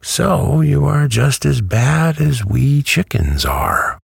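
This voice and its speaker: A man voicing a brisk, self-assured talking hen, with a cackling manner and a raised, husky voice in a storybook reading. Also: medium pitch, big pitch swings, no echo, studio quality, pitched above the performer's own voice, heavily acted. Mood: triumphant. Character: chatty, matter-of-fact talking yellow hen, female.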